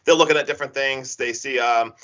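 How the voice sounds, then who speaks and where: A man casually retelling a horror film's plot on a podcast, rambling and animated with lots of filler words. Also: mid-range voice, a little fast. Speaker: podcast co-host recapping a horror film. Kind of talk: casual chat. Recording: dull lo-fi podcast audio.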